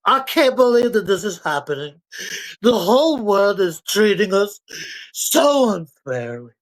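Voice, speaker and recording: A man's voice: sits high, very animated, a little slow, pitched above the performer's own voice, rough recording. Man parodying a bragging president, mocking and smug. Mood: boastful. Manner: mocking, boastful. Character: impression of a boastful male president.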